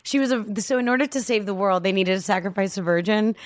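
A woman in her thirties, an actress guest on a podcast, chatting in a bubbly, excitable way and laughing often. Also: mid-range voice, fast talker, dry recording, studio quality. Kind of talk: casual podcast chat.

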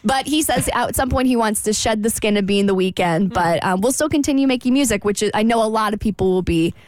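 A woman's voice: medium pitch, brisk, no room sound. A woman hosting an entertainment news segment on a radio show, telling celebrity stories in a chatty, giggly way.

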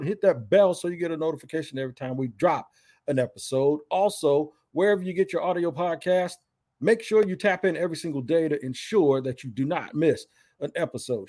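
A man's voice: a little high, a little mellow. A man from Jacksonville, Florida, hosting a casual sports podcast in an upbeat, chatty way.

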